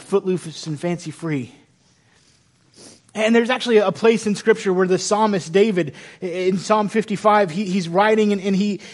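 High-voiced guy preaching, chatty, jokes about himself, 30s. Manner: animated, conversational, self-deprecating humor. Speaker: pastor. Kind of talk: sermon.

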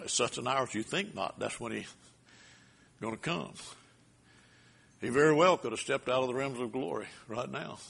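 A man preaching a sermon, building to loud emphatic peaks and dropping low again. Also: vocal fry, slightly rough. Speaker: pastor.

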